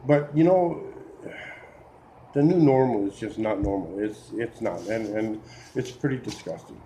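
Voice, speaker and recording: A man rants to camera with mounting exasperation, stumbling over restarts and letting out sighs. His voice is mellow and dark in tone, yet it swings widely in pitch as he works himself up. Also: lively intonation, a little slow, a little hiss or hum, rough recording. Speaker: video blogger. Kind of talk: opinion rant to camera.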